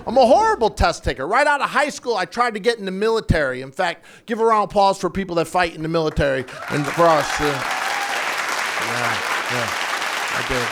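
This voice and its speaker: A man in his fifties performing a self-deprecating stand-up comedy routine on a club stage, with punchy delivery. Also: high-pitched. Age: 50s. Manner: self-deprecating, punchy, shouts sound effects. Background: audience laughter.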